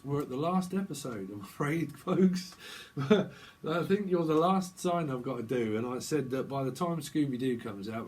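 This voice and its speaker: A man's voice: mid-range voice, darkish tone, slight background noise, low-quality recording. Rambling man reading tarot. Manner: rambling and slangy, laughs often. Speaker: tarot reader. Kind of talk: casual tarot reading vlog.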